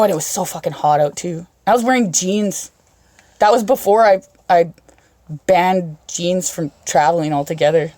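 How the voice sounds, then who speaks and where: A woman's voice: medium pitch, a little mellow, dry recording. A woman hosting a podcast, swearing constantly and laughing her way through rambling road-trip stories. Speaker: podcast host. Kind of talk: casual storytelling chat.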